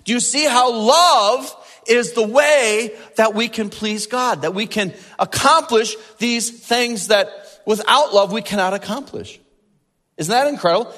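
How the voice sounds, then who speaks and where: Brief: male pastor, sermon, somewhat high voice, animated and emphatic, long hall reverb. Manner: animated, rising emphasis and drawn-out key words.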